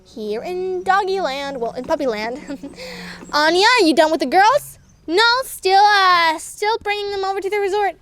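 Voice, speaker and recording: Woman voicing all the dolls, very high and girlish, lively swooping pitch, playful squeals. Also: a little slow. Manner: animated, squealing on rides, switching between characters. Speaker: doll play storyteller. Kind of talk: playful doll play voicing every character.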